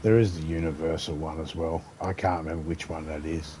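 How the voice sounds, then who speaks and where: Deep-voiced man joking around. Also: flat delivery, fairly quick, background noise. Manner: rambling, crude, jokey. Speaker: gaming streamer. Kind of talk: casual chat while gaming.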